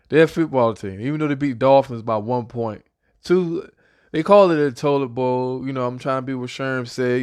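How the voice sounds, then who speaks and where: A young man in a casual football prediction vlog speaks as an excited fan, repeating his points and running through stats in a loose, chatty way. His voice is an everyday middle pitch for a man, fairly quick, clear and resonant.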